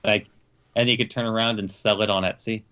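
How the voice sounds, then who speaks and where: A man with a somewhat low voice chats casually as a player at a tabletop game. He jokes around and trips over his words, leaning on filler words as he goes. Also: steady tone, fairly quick, pushed and bright, smooth. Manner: joking, hesitant with many fillers.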